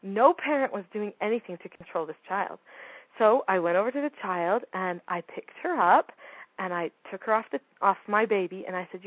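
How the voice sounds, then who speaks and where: A woman's voice: medium pitch, moderate pace, dry recording, muffled recording. A woman giving a talk on parenting, speaking emphatically and firing off rhetorical questions. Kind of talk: talk to an audience.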